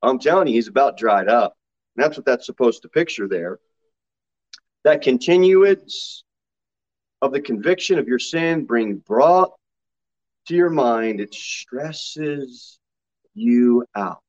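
A pastor preaches from the pulpit of a church sanctuary at a middle pitch, speaking slowly and animatedly with long pauses. He moves between low, earnest passages and sudden high, loud mocking quotations. The recording is slightly dull and lo-fi.

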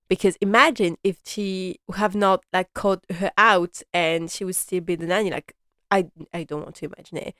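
A woman casually recapping a TV drama episode, chatty and animated, with lots of fillers and acted-out lines. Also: lowish voice, dry recording, studio quality. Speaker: fan reviewing a TV drama episode.

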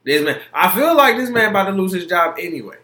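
Heated high-voiced man ranting, roomy echo. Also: big pitch swings, fast, bright, forceful tone. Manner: heated, profane, emphatic, repeats himself. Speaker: podcast host. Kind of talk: solo opinion podcast rant.

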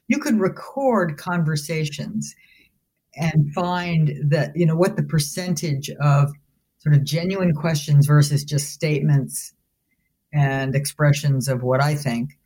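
A woman's voice: deep voice, dark tone, husky. A woman professor of leadership answering interview questions in a thoughtful, explanatory way, often restarting her phrases. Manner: thoughtful and explanatory, with frequent restarts and "you know". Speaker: guest, business school professor of leadership.

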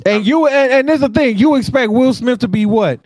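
A man with a high voice co-hosts a casual podcast and rants in a profane, emphatic way. His voice is dry and close, with no room sound around it. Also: a little fast, no echo. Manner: animated, profane, emphatic ranting. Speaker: podcast co-host. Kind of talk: casual chat.

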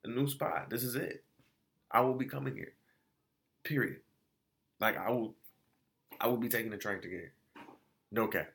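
A man casually reviewing food spots in a vlog, telling it as an animated, slangy story full of restarts and quoted exchanges. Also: medium pitch, measured pace, long pauses.

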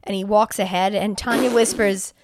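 A woman's voice: medium pitch, moderate pace, a crowd in the background. A young adult woman co-hosting a podcast, recapping a film scene by scene and acting out the characters' lines. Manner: animated storyteller acting out lines, laughs often. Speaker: podcast co-host retelling a movie. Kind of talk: casual chat recapping a film.

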